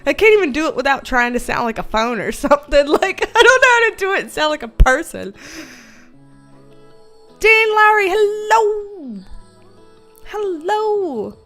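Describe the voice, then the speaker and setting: A young woman hosting a casual livestream, reading viewer comments aloud, giggling often, swearing freely and greeting people with excited bursts. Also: sits high, brisk, few pauses, soft background music. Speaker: livestream host, tarot reader.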